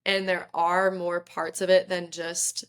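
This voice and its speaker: A young woman, a podcast guest, telling a story in lively, chatty conversation and often saying "like". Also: on the low side, unhurried, smooth. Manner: lively, chatty, fills talk with "like". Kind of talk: casual storytelling interview.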